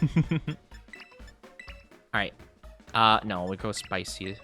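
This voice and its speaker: A giggly male streamer chats casually with his viewers, his pitch bouncing a lot as he talks. His tone is bright, and faint game music plays behind him. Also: expressive, extremely slow, pauses often. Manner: giggly, chatty, reads chat aloud. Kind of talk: casual live-stream chat.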